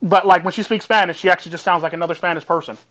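Fast-talking Costa Rican man, lo-fi. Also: high voice, steady tone, fairly bright tone. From Costa Rica. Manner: fast, repeats "actually" and "basically". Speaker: host. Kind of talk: casual panel chat.

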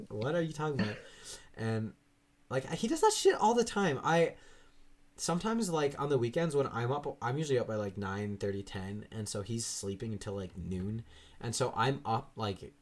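A young man in casual chat, telling rambling stories full of fillers and swearing. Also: on the low side. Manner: rambling storytelling, swears a lot, frequent fillers.

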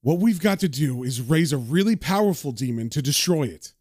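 A man's voice: a little high, lively intonation, fairly quick, darkish tone, dry recording. A man voicing a brash young magician, speaking in slangy, confident lines in a dry, close recording. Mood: cocky. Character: young British man, cocky reckless magician.

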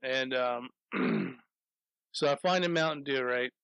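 A man's voice: medium pitch, huge pitch swings, slow, gravelly, fairly bright tone, smooth, dry recording, dull audio. A man telling a rambling anecdote in casual chat, swearing often and laughing as he goes.

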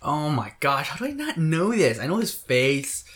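Halting man in casual podcast chat. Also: fairly high pitch, huge pitch swings, fairly bright tone. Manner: halting, stumbling over words. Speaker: podcast co-host.

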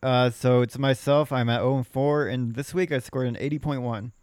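Male podcast co-host, casual score recap, smooth voice, dry sound. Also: mid-range voice, steady tone, a little mellow, no room sound. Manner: reads scores in quick list form. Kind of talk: casual fantasy football recap.

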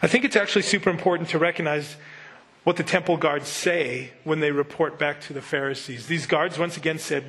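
A man's voice: a little high, fairly quick, a bit bright. A middle-aged male pastor preaching a sermon in a conversational way, often asking rhetorical questions.

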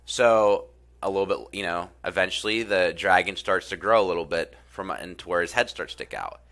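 A man talks about self-improvement in a casual, earnest way. His low-pitched voice is bright and forceful. He often repeats phrases and drops in fillers as he retells a story. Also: fairly quick. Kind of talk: casual spoken talk and storytelling.

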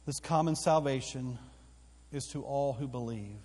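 A man's voice: medium pitch, measured pace, mellow. A man preaching a sermon as pastor in a church auditorium, with emphatic repetition that builds in force. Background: live congregation hall.

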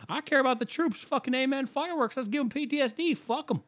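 A man voicing a loud, dim-witted male patriot who blusters in a high, brash voice while setting off fireworks. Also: quick pace.

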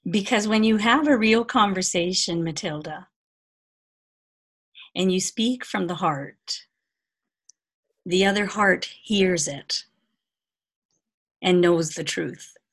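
A woman guest giving spiritual advice in a measured, soothing way, repeating words for emphasis. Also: mid-range voice, fairly bright tone, slightly rough. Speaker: podcast guest, spiritual teacher. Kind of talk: calm guidance in conversation.

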